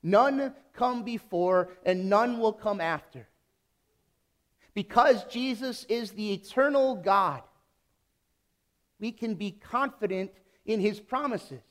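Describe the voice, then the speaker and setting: High-voiced pastor preaching slowly. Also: male voice. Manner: emphatic, deliberate preaching with repeated phrases. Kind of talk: sermon.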